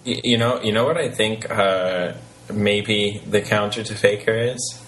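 Slow, low-voiced playful podcast guy. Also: steady tone, fairly bright tone, a little hiss or hum, poor audio. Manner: playful, hesitant, with restarts and laughs. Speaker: esports podcast co-host. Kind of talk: casual podcast chat.

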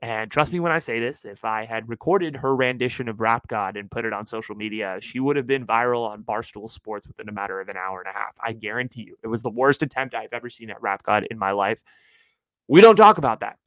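A man in his twenties from California, telling a story on his podcast in an animated, chatty way. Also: on the low side, fast talker, hardly any pauses, dry recording, rough recording. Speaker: podcast host.

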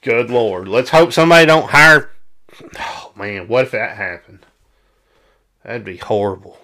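Animated Southern man ranting about sports. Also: medium pitch, unhurried. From South Arkansas. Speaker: sports podcast co-host. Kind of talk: casual sports chat.

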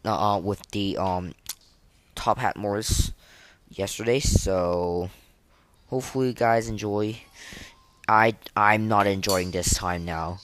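A young man giving live gameplay commentary, flustered and self-deprecating, full of fillers and restarts. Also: sits low. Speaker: gaming podcaster.

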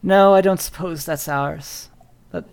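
A man's voice: on the high side, unhurried, creaky, clean tone, pitched above the performer's own voice. A man doing a polite, hesitant old woman. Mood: wistful hesitation. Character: confused elderly woman in her sixties.

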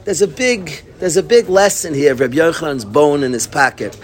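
A man teaching an informal Talmud class, telling stories with lively energy and peppering his talk with yeshiva terms. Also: a little high, fairly quick. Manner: animated storytelling, breaks into laughter and acts out his study partner; sprinkles Yiddish and Hebrew yeshiva terms.

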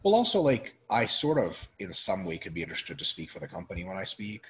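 A Russian man appears as a podcast guest, talking fast in a low voice over poor audio. The conversation is casual, and he's animated and blunt, swearing a lot and using plenty of filler words.

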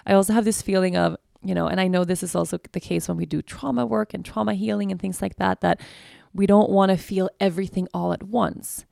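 A woman's voice: on the low side, gravelly, warm tone, no room sound, clean studio sound. A woman hosting a podcast, talking candidly and searchingly about her feelings, often restarting and circling back. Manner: candid, searching, many restarts and "you know". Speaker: podcast host. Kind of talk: reflective personal monologue.

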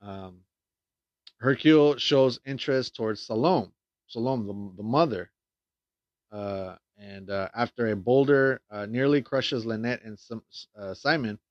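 A man with a lowish, darkish voice gives a casual plot recap and review of a film, rambling with plenty of fillers, restarts and frequent swearing. The recording is dry, dull and lo-fi.

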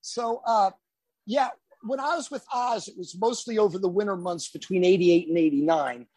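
A man, a guest musician, telling a road anecdote in a casual, animated storytelling manner. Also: high voice, moderate pace, husky, no room sound.

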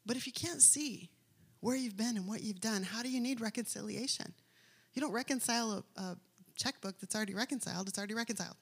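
A woman's voice: mid-range voice, slightly rough. A woman preaching a sermon, telling a story with passion and acting out the characters' lines.

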